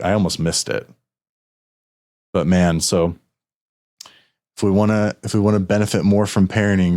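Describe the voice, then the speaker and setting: A man's voice: sits low, darkish tone. A man hosting a podcast, telling a personal story earnestly and getting a little emotional, with many restarts. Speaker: podcast host. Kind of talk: casual podcast conversation.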